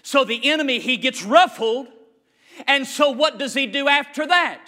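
A man preaching a sermon with rhythmic repetition and loud, fiery peaks. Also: extremely high pitch, expressive, moderate pace.

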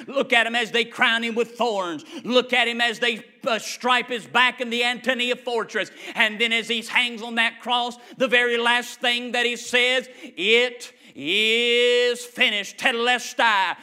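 A man's voice: very high voice, fairly even intonation, normal speed, few pauses, bright, forceful tone. A man preaching a sermon in a fervent, rhythmic style.

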